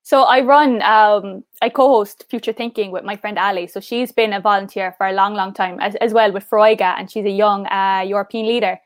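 A young woman from Cork with an Irish accent, chatting fast in an interview as a guest and often saying "like". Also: medium pitch, fairly even intonation, no echo, studio quality. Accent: Irish, Cork mixed with Mayo. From Cork, Ireland. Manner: fast talker, says "like" often. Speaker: pageant finalist guest. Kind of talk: casual interview chat.

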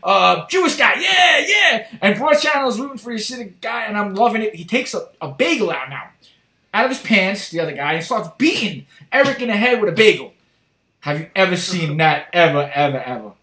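High, bright-voiced New man. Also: brisk, echoey room. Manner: animated, profane storytelling. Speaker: podcast host. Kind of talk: casual chat.

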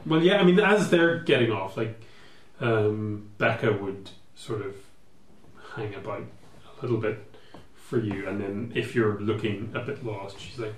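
A man's voice: lowish voice, measured pace. Man as game master, rambling with fillers, in an echoey room with faint background hum. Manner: rambling, hesitant with many fillers. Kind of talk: narrating a tabletop game.

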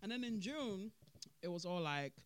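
Casual commentary, animated and laughing, emphatic repeats, dry close recording. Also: medium pitch, normal speed, clean tone, dry recording. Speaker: podcast host.

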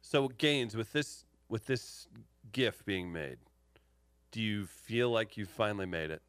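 A man's voice: fairly low pitch, measured pace, a bit bright, clear, resonant tone, no room sound. A man hosting a radio talk show, playful and joking, reading out listener messages. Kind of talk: casual banter.

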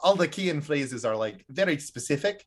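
A man co-hosting a podcast and chatting casually as a game master, halting with frequent restarts and filler words. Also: a little high, lively intonation. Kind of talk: casual chat.

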